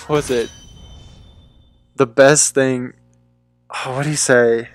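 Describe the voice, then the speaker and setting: Young male streamer from Bermuda, blended English-neutral accent, loose rambling delivery with casual swearing, medium pitch. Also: steady tone, a little slow, smooth, faint music behind. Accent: mixed, faintly English-tinged neutral. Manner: rambling, chatty, swears freely. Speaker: live streamer. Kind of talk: casual live-stream chat.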